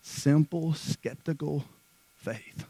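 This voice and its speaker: High-voiced preacher, hushed then fervent. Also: male voice, breathy edge, no room sound, rough recording. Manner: swings from hushed and slow to loud and fervent, repeats words. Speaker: pastor. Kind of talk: sermon.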